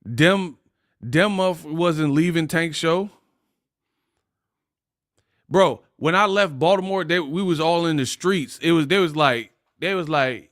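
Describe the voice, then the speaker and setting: A man's voice: on the high side, slow, long pauses, a bit bright, dry recording, studio quality. A man hosting a casual boxing livestream, laughing often and trash-talking his chat readers.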